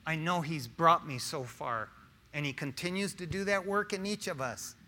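With a bright, forceful tone on the high side, a middle-aged man gives an informal sermon at a moderate pace. He speaks directly to the congregation, using questions, slang, and personal testimony.

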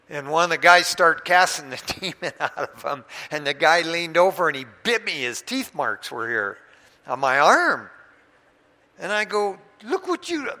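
Sharp-voiced preacher man in a hall. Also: a little high. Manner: animated storyteller, swings between loud and hushed. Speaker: pastor. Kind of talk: sermon with personal storytelling. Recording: long hall reverb.

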